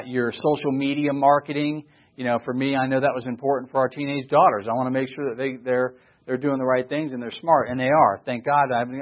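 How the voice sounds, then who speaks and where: Middle-aged guy pitching a membership plan, excited, lots of ums, kinda muffled audio. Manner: enthusiastic, rambling with fillers and restarts. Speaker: sales presenter. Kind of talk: sales pitch presentation.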